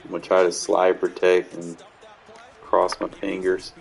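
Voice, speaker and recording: Low, gravelly male gamer narrating his match; irritated, swearing, barking at his team. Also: completely flat delivery, unhurried. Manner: frustrated, swears, yells at players. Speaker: gamer commentating his own play. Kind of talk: casual gameplay commentary.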